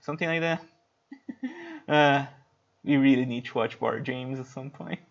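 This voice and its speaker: The sound is lo-fi as this man plays a video game on stream, speaking at a moderate pace in a mid-range voice. His livestream talk is loose and casual, full of rambling and swearing.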